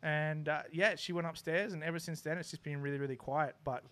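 A man's voice: on the high side, fairly quick. Young man telling a story. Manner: animated, laughing, acting out neighbours. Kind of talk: casual anecdote.

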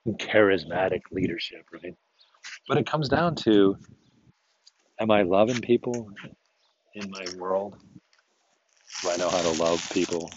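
A man's voice: fairly low pitch, highs cut off, slight background noise. A man in a casual, reflective monologue, thinking aloud and rambling with many restarts.

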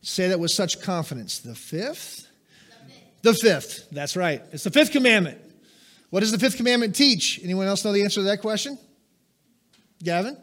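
A man's voice: high-pitched, animated, normal speed, a bit bright. A middle-aged man preaching a sermon, emphatic and asking the congregation questions. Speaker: pastor.

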